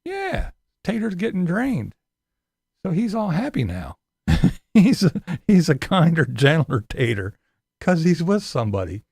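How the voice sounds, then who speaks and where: A man's voice: on the high side, sing-song, measured pace, gravelly, long pauses, a little mellow, slightly rough, no room sound, clean studio sound. A man giving a sarcastic, profane commentary rant as a vlogger.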